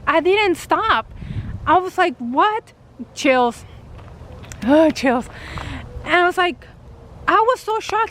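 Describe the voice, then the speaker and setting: High-voiced woman telling a story animatedly. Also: takes it slowly, long pauses, a little hiss or hum. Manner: animated retelling, acting out quoted dialogue, many fillers. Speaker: spiritual vlogger. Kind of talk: casual storytelling to camera.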